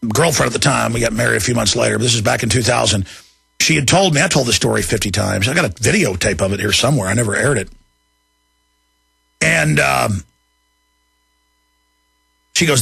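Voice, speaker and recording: Gravelly high-pitched ranting radio host. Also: male voice, no echo, studio quality. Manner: angry, emphatic, rising to shouts. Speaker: radio talk show host. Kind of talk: ranting talk radio monologue.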